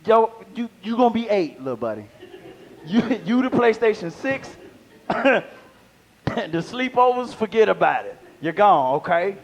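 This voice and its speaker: A stand-up comedian with a high-pitched voice performs live at a small venue, speaking at a normal pace. He does animated crowd work, trading lines back and forth with the audience.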